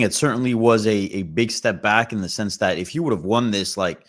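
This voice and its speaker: A man's voice: lowish voice, a little fast, hardly any pauses, a bit bright. A man giving fight analysis on a roundtable show, firm and direct. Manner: firm, direct, disagrees plainly. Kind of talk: casual roundtable chat.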